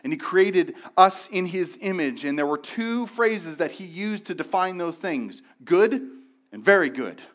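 A man's voice: high voice, measured pace, hardly any pauses. A man who is a pastor, giving a sermon candidly, with frequent restarts and repeated words.

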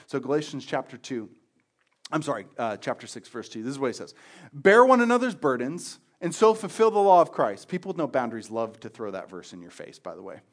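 A middle-aged man preaching a sermon, swinging from loud emphatic bursts to quiet asides and acting out dialogue. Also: medium pitch. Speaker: pastor.

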